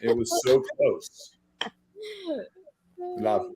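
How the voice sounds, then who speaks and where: Man, lively pitch, jokey panel regular, video call. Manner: joking, quick asides. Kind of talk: casual panel chat.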